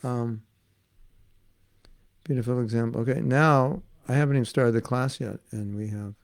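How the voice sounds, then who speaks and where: A man's voice: mid-range voice, fairly even intonation, moderate pace, creaky. A man giving an informal devotional class, chatty and laughing as he tells stories and acts out the voices in them. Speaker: spiritual teacher giving a class.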